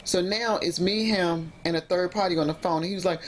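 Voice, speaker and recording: A woman's voice: on the low side, brisk, slight background noise. A woman vlogging about personal drama, emotional and rambling, often restarting her sentences. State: emotionally upset. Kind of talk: emotional storytime vlog.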